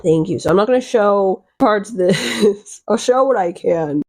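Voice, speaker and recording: A woman giving casual, rambling commentary on a reality show, sarcastic and quick to laugh at herself. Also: mid-range voice, expressive, a little mellow. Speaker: video essay commentator.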